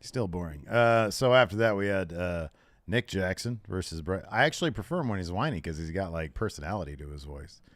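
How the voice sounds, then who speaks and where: A man with a low, deep voice chats loosely and laughs a lot between his comments. The recording is dry and close, with no room sound. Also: animated, fairly quick, no room sound. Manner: laughs often, playful banter. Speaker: podcast co-host. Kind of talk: casual wrestling recap chat.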